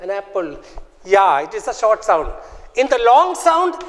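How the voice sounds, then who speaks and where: A man teaching a phonics lesson, repeating sounds and example words slowly and with care. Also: high voice, very animated, fairly bright tone, big-room sound. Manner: slow, repetitive, drills words aloud. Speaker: English teacher.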